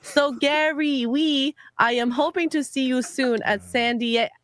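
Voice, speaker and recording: A woman's voice: high-pitched, a little slow, a bit bright, dry recording, pitched above the performer's own voice. Woman doing a pushy cryptid monster scammer, broken English, overdone put-on accent, dry sound. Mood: pleading. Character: scam-letter cryptid sauropod, male, pushy and pleading.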